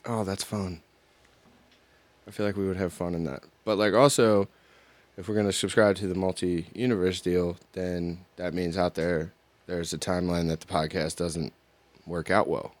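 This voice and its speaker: A man's voice: deep voice, fairly even intonation, normal speed, no room sound. A man co-hosting a podcast in casual chat, joking and bantering with friends. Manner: joking, self-aware banter. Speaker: podcast co-host.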